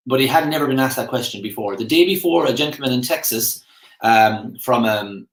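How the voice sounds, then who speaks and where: Chatty Irish man, echoey room. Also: medium pitch. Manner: chatty, rambling, acts out quoted voices. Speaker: personal development coach. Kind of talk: live-streamed motivational talk.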